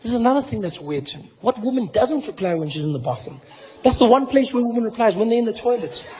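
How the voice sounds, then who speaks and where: South African comedian with a high voice. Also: male voice, fast. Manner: incredulous, animated storytelling. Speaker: stand-up comedian. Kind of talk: stand-up comedy. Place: large theater stage. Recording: roomy venue with crowd noise. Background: audience laughter and noise.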